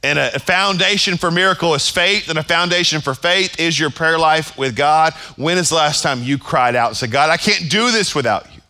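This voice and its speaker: A man's voice: fairly high pitch, normal speed, few pauses, bright, forceful tone. A man pastor preaching a sermon at a church service, emphatic and full of repeated phrases.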